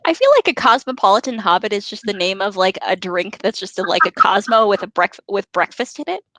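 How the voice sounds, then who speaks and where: A woman's voice: medium pitch, lively intonation, fairly quick, fairly bright tone, dry recording, low-quality recording. A woman co-hosting a podcast, reading a book aloud and breaking off into giggly, joking chat.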